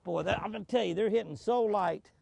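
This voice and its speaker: A man with a very gravelly, raspy voice pitched a little high narrates his fishing from a boat out on a lake. He exclaims over every fish, chuckles often, and talks to himself as he goes. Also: fast talker, darkish tone, no echo. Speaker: fishing show host. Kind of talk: excited fishing commentary.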